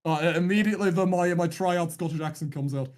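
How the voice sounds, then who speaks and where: Male stream caster, slightly higher voice, dry teasing banter. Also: fast. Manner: teasing, deadpan jokes, rambling restarts. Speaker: esports caster. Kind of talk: casual live-stream banter.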